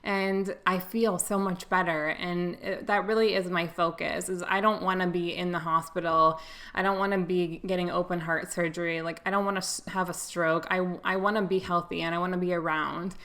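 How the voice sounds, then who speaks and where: A woman's voice: fairly low pitch, level tone, fairly quick, a bit bright. A young adult woman giving a casual, earnest and emotional to-camera update as a vlogger.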